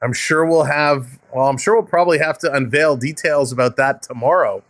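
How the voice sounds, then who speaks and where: A man's voice: fairly high pitch, moderate pace, fairly bright tone, no room sound. Upbeat Canadian man calling hockey live. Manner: upbeat, chatty, thanks viewers by name and chuckles often. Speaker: live hockey stream host. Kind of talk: play-by-play commentary mixed with chat replies.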